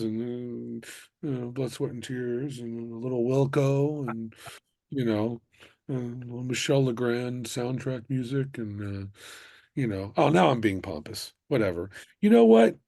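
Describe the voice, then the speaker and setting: A man from the United States, a musician, telling stories in a casual interview with animated bursts of excitement. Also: medium pitch, vocal fry, no room sound. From United States (Miami). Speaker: musician guest.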